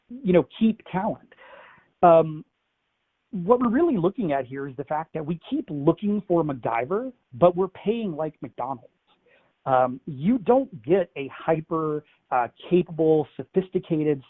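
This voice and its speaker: Guy giving a webinar talk, kinda high voice, lots of ums and you knows, sounds like a phone line. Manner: conversational, many fillers, emphatic asides. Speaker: industry analyst presenting a webinar. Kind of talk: webinar presentation.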